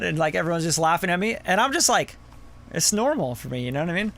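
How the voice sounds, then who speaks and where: Bright, high-voiced bro producer. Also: male voice, sing-song, fast talker, vocal fry. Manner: loose and profane, lots of "like" and "bro". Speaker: music producer reviewing songs. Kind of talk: casual live-stream review.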